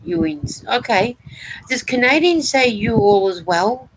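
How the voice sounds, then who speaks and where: A woman's voice: fairly high pitch, lively intonation, a little slow, a little hiss or hum, low-quality recording. A woman hosting a knitting livestream, casually reading out chat comments, giggly and playful with how words are said.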